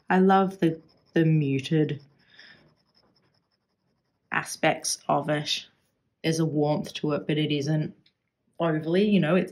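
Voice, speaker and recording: A woman's voice: sits low, darkish tone. An Australian woman chatting casually as she swatches fountain pen ink, musing aloud and trailing off into restarts as she searches for words.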